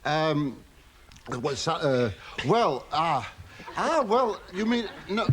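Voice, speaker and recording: A man's voice: fairly high pitch, very animated, takes it slowly. A flustered, stammering postman. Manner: stammering, spluttering, indignant asides. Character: nervous middle-aged male postman lookalike, fussy and flustered. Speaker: sketch comedian. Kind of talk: studio sketch comedy impression. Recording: loud studio audience laughter and noise.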